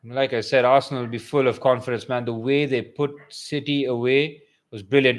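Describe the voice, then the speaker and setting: A young man giving excitable live match commentary for a fan watchalong, swinging from calm play-by-play to loud bursts. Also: medium pitch, normal speed, hardly any pauses.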